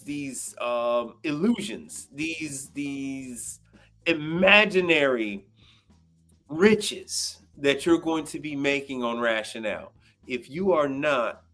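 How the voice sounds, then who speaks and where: A man's voice: medium pitch, a bit bright. A man hosting a livestream, ranting bluntly and swearing in casual talk. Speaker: livestream host. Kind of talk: casual profane rant.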